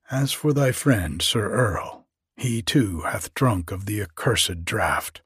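A man's voice: lowish voice, a bit bright, slightly rough, dry recording, clean studio sound, full character voice. A man voicing a wailing little grizzled old goblin, pleading in archaic storybook speech. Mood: mournful. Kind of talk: storybook reading.

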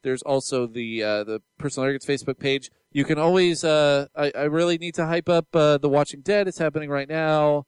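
A man with a slightly high voice co-hosts a podcast from the Seattle area, chatting eagerly and rambling through plenty of fillers and restarts. He talks briskly with hardly any pauses, and the recording is clean with no echo.

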